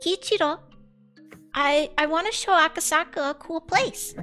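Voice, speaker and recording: Woman voicing a little village girl, very high, childlike, sweet, visual novel. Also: moderate pace, bright, forceful tone, faint music behind. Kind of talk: reading a visual novel aloud.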